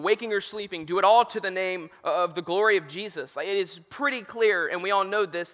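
A man's voice: sits high, sharp tone. A young man who is a youth minister giving a sermon, telling stories earnestly with touches of humor. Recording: reverberant hall.

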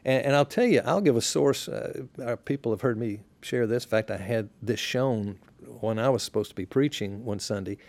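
A man, a pastor, talking as a podcast guest in a relaxed, reflective way, sharing stories unhurriedly and often restarting his sentences. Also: medium pitch, normal speed, few pauses. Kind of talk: relaxed conversational storytelling.

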